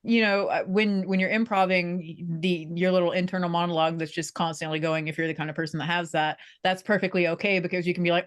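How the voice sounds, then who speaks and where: A woman's voice: fairly low pitch, steady tone, fairly quick, clean tone. A young woman talking casually in an interview about acting, chatty and self-deprecating, with frequent restarts. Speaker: theater performer being interviewed.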